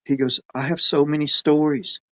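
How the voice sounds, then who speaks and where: A man's voice: fairly high pitch, level tone, normal speed, fairly bright tone. A man telling a story in a rambling, folksy way, quoting people as he goes. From Alabama. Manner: folksy, rambling, quotes others in his own voice. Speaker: podcast guest telling a story. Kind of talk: casual storytelling.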